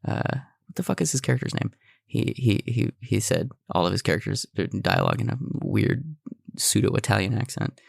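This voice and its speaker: A man's voice: on the low side, animated, gravelly, slightly rough, no echo, studio quality. A man co-hosting a podcast in casual chat, joking around with film references. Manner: jokey, quick with film references. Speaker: podcast co-host.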